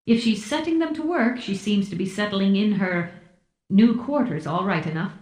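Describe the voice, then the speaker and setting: A man's voice: high-pitched, expressive, moderate pace, a little mellow. Woman voicing a cheerful, easygoing telepath man. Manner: teasing, easygoing. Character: cheerful wry male telepath, mentor type. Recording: roomy echo.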